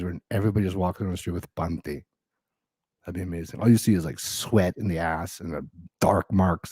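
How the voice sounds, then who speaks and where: Riffing on typed audience comments, a middle-aged Filipino-American comic does a loose, crude stand-up set for a virtual comedy show via video call. His fairly low voice sounds warm and husky, studio-quality with no room sound.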